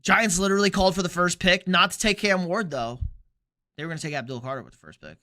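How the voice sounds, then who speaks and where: This bright, high-voiced man from Texas, speaking with a Texan accent, hosts a sports stream. He chats casually while reading comments, blunt and joking, opinionated and quick with asides.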